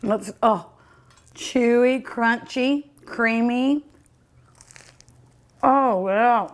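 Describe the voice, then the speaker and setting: A woman's voice: a little high, very slow. A woman hosting a cooking show, tasting her food with many delighted mmms and chatting to her dog and her viewers. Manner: sometimes talks with mouth full. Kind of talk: casual food tasting vlog.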